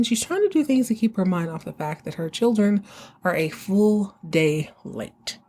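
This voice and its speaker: A woman hosting a podcast, casually recapping a TV episode in an animated, slangy way and acting out the characters. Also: medium pitch. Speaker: podcast host.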